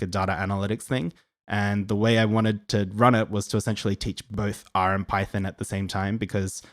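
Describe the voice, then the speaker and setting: A man's voice: on the low side, no room sound, clean studio sound. A young Australian man hosting a casual live Q&A, friendly and rambling with lots of ums and restarts. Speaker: livestream host answering viewer questions.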